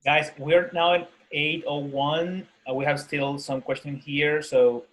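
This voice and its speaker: A man's voice: on the high side, flat delivery, measured pace, a little hiss or hum, rough recording. Man moderating an online talk. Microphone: video call.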